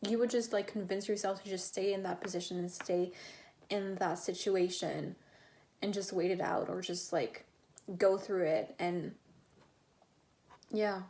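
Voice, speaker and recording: A woman's voice: medium pitch, steady tone, measured pace, pauses often, mellow, slight background noise. A woman giving a casual tarot reading to her viewers, chatty and rambling, with many fillers and restarts. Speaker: tarot reader.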